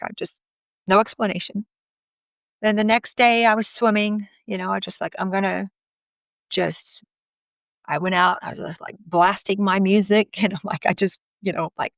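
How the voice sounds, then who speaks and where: A woman's voice: mid-range voice, vocal fry, dry recording. Middle-aged woman, candid and chatty storyteller, acts out quotes, dry close sound. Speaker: guest telling her story. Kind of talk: personal storytelling.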